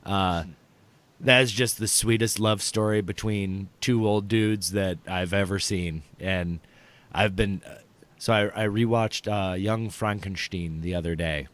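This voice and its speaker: Here a podcast host and stand-up comic chats in a casual, comedic way, animated and rambling and full of fillers. His voice is on the low side and he talks a little slowly.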